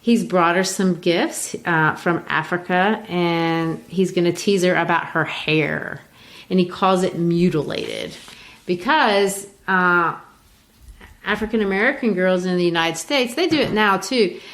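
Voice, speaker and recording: A woman's voice: on the low side, measured pace, a bit bright. A woman from Brazil hosting a podcast, explaining a play in a chatty, casual way with frequent restarts. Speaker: podcast host. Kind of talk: casual literature discussion.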